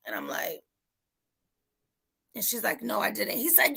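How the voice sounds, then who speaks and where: A mother in casual chat, telling an animated story and acting out her son's voice. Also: on the high side, a little slow, creaky, long pauses, breathy edge.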